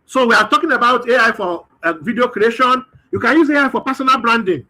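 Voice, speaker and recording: A man's voice: extremely high pitch, expressive, fast, pushed and bright. A man presents a webinar, thinking aloud through a live screen-share demo with hesitant fillers.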